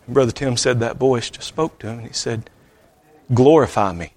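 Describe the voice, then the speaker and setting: A man preaching a sermon, telling a story in an earnest voice that sometimes sinks to a soft hush. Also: medium pitch, level tone, a little fast. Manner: earnest, drops to a soft hushed voice at times.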